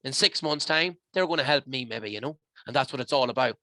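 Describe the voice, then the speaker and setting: A passionate Irish man talks in loose, rambling sentences as a podcast guest. His voice is bright and forceful, at a middle pitch, and the sound is dry and close with no room around it. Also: fairly quick, no echo. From Ireland. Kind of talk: casual chat.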